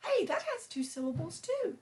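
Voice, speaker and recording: A woman voicing an excitable, childlike bird puppet who talks eagerly in exclamations and keeps interrupting. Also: very high-pitched, normal speed, pitched above the performer's own voice. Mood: playful.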